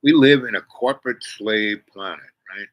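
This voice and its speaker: A man's voice: lowish voice, normal speed, no room sound, low-quality recording. A man rambling to camera in a meandering monologue, full of "you know" and restarts, sitting outdoors on a porch. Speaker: vlogger.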